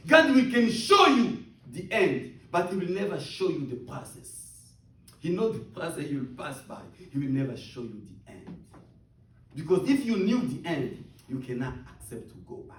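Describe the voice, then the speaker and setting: A man preaching a sermon, emphatic and repetitive, swinging between loud outbursts and hushed near-whispers. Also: high-pitched, big pitch swings, moderate pace, echoey room, recorded from a distance, rough recording. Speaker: pastor.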